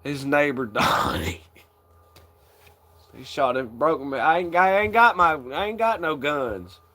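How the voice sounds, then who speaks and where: Chill young guy rambling slow, kinda bright voice, swears a ton, lots of laughing. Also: fairly high pitch, lively intonation. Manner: laid-back, rambling, swears a lot, laughs often. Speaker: channel host. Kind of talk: casual chat.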